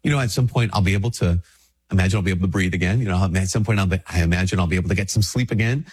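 A man's voice: deep voice, very fast, breathy edge. A male Catholic priest, a bit sick with a stuffy nose, giving a casual spiritual talk in a conversational way, often restarting his sentences. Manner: conversational, with frequent restarts and fillers.

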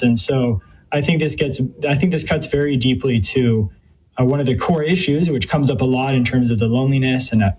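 Earnest man, husky lo-fi voice. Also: mid-range voice, a little mellow. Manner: earnest, thoughtful, with many fillers and restarts. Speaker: guest from a Catholic youth ministry. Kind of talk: conversational interview answers. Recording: dull lo-fi sound.

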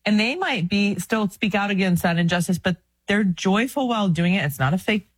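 A woman's voice: medium pitch, lively intonation, brisk, no room sound. A woman in her thirties co-hosting a casual faith talk, earnest and chatty, often breaking into laughs. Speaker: podcast co-host.

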